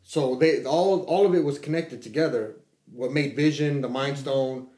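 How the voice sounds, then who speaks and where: A middle-aged man telling a story in casual chat, swearing freely and acting out quotes with lively energy. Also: medium pitch, normal speed. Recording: echoey room.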